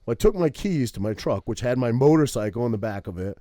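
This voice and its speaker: A man of middle pitch tells a rambling, animated story, swearing freely and checking in with his listener after nearly every line. He sounds close to the mic in a dead, dry space. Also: fast, dry recording. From Maine. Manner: profane, animated storytelling with many "right?" tags. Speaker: podcast co-host. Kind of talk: casual storytelling.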